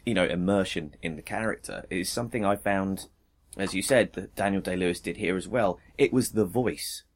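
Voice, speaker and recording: A man, a guest on a podcast, talking about a film in a thoughtful, measured way. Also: sits low. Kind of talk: casual film discussion.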